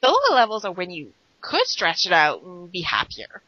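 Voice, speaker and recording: A woman's voice: lowish voice, wildly swooping pitch, normal speed, no room sound. A woman co-hosting a podcast, chatting casually with dry, teasing humor. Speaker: podcast co-host. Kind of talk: casual chat. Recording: dull lo-fi phone-call audio.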